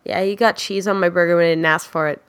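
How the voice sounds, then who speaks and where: A woman's voice: fairly low pitch, fast, clean tone. A young woman hosting a casual comedic chat, telling stories animatedly and acting out what people said. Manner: animated storytelling, acts out quotes. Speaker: podcast host.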